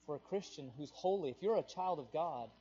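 A male pastor preaching a sermon with passion, his voice surging louder on the emphatic points. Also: a little high, animated, fairly quick, slightly rough, dull audio.

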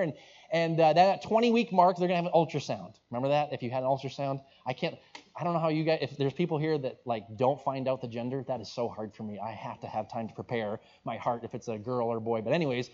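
A man's voice: medium pitch, fast talker, a little mellow. A man preaching, telling a story in a conversational, rambling way with restarts and asides. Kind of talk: sermon storytelling. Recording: dull lo-fi recording.

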